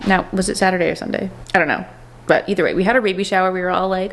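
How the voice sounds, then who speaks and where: A woman's voice: fairly low pitch, steady tone, rapid-fire, gravelly. A young woman, vlogging in a bubbly, chatty way with playful asides. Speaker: lifestyle vlogger. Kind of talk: casual vlog chat.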